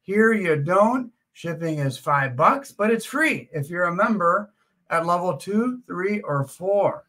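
A man's voice: high voice, takes it slowly. A man hosting a live auction stream from home, chatting casually with plenty of "uh" fillers. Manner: chatty, relaxed, frequent "uh" fillers. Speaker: livestream auction host. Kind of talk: casual livestream chat.

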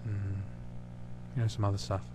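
A man from the United States chatting casually with hesitant pauses as the host of his own channel. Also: on the low side, level tone, noisy background. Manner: rambling, hesitant, full of pauses. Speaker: channel host answering questions. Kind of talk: casual recorded chat.

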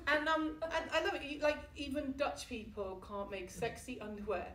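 Heard from far off in an echoey room, a British woman gives a comic, self-mocking talk at a book launch before a small live audience, laughing often. Her voice is high-pitched, expressive, and fairly bright at normal speed, with a little hiss or hum.

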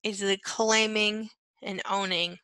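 A woman's voice: medium pitch, fairly even intonation, slow, bright, forceful tone, smooth, no echo, rough recording. A woman teaching on empathy in an earnest monologue, repeating key phrases and checking in with "right?" and "okay". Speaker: empath coach.

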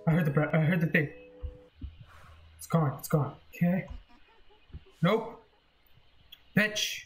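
Jumpy young man yelling at a horror game. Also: fairly high pitch, slow pace, soft background music. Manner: jumpy, swearing, yelling in fright. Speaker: gaming video creator.

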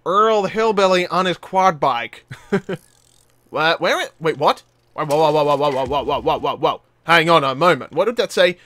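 A young man giving live gameplay commentary, excitable and yelping and laughing as things go wrong. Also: fairly high pitch, normal speed. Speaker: gaming channel host.

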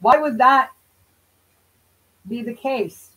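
A woman's voice: a little high, takes it slowly, highs cut off. A woman hosting a casual commentary stream, sarcastic and swearing often, rambling and talking straight to her viewers. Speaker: channel host.

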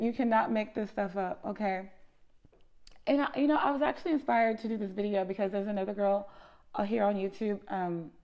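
A woman who runs a lice treatment business, telling an animated, emphatic storytime vlog and often tagging her points with "okay?". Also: mid-range voice, creaky, muffled recording.

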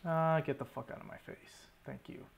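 A man's voice: on the high side, fairly even intonation, moderate pace, vocal fry. Swearing young man narrating his gameplay. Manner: swears often, exasperated running self-talk. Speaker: gaming YouTuber. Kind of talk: live commentary over gameplay.

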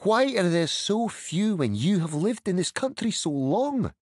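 A man reading an audiobook, voicing a young, curious male hobbit who asks quick, eager questions. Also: high voice, sing-song, dry recording, studio quality, heavily acted.

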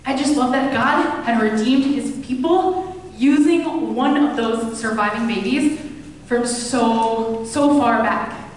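A woman's voice: a little high, takes it slowly. Woman pastor preaching in an echoey hall. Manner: conversational storytelling, retells scripture in casual voices. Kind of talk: sermon. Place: church. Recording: echoey hall, mic at a distance.

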